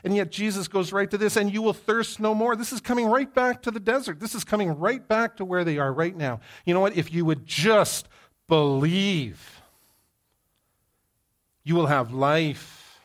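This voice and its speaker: A man delivers a sermon in a slightly high voice. He moves between quiet, thoughtful passages and loud, emphatic exhortation, repeating short phrases for weight. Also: unhurried. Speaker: pastor.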